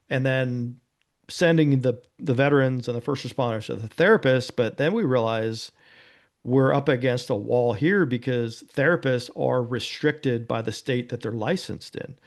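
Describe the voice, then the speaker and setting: Earnest man telling his story. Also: mid-range voice. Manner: earnest, anecdotal, peppered with "you know" and "right?". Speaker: interview guest, nonprofit founder. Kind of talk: casual conversational storytelling.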